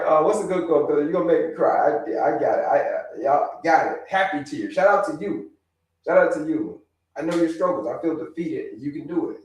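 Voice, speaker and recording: A man hosting a live health stream, talking with viewers in an energetic, repetitive way and giving them shout-outs. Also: a little high, moderate pace, far from the mic. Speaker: livestream host, health coach. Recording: echoey room, away from the mic.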